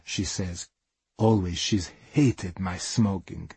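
A middle-aged man narrates a personal monologue in slow, deliberate English that drops its articles here and there. His voice is breathy and husky, recorded close and dry with no room around it. The delivery stays measured and wryly understated. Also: low voice, a little mellow, dry recording. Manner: plain non-native English, dropped articles. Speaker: storyteller. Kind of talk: dramatic first-person monologue.

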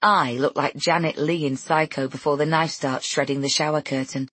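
A woman narrating a first-person novel in a measured, intimate way. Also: sits low, steady tone, a bit bright, slightly rough, dry recording. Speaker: audiobook narrator.

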